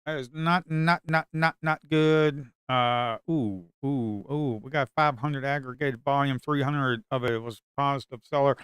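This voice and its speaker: Male trader streaming live, mutters, repeats himself, curses; smooth, close, dry sound. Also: medium pitch, steady tone, measured pace, few pauses, fairly bright tone, no echo. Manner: talks to himself and viewers, repeats phrases, swears. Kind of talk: live trading commentary.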